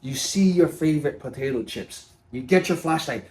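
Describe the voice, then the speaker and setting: A man's voice: a little high, normal speed, darkish tone, reverberant, slight background noise. A man vlogging to camera in a casual, free-flowing motivational talk, emphatic and calling his viewers dude. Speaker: fitness vlogger.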